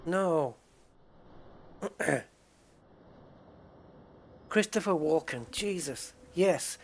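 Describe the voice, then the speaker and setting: A man with a fairly high-pitched voice talks casually while he plays a game. He rambles from one thought to the next and often starts his sentences over. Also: measured pace, long pauses. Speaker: game streamer. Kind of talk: casual chat while gaming.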